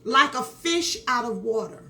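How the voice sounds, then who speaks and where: Woman, vlogger, casual storytelling, emphatic repetition, direct asides to viewers, bright high voice. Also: lively intonation, measured pace, vocal fry. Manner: emphatic, repeats phrases for effect; talks straight to viewers with asides.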